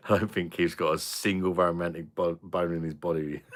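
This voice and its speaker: A man hosting a live stream, chatting casually with viewers and trading crude jokes with a lot of laughter. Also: low-pitched. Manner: crude joking banter, laughs often.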